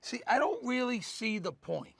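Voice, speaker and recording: A man chats about his voice work with easy enthusiasm. His voice is gravelly and the sound is close and dry. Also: very high voice, sing-song, normal speed, fairly bright tone, dry recording. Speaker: voice actor. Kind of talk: promotional interview.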